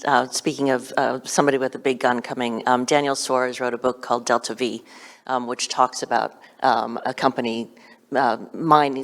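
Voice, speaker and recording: Very low-voiced woman in a reverberant hall. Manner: quick, full of filler sounds. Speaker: panel speaker. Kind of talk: panel discussion.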